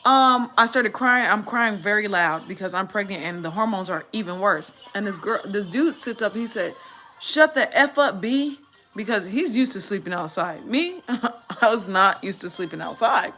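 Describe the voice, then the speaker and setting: A woman's voice: medium pitch, lively intonation, moderate pace, pushed and bright, faint music behind. A tired woman giving a candid live-stream testimony, telling her story animatedly and using church slang. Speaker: vlogger.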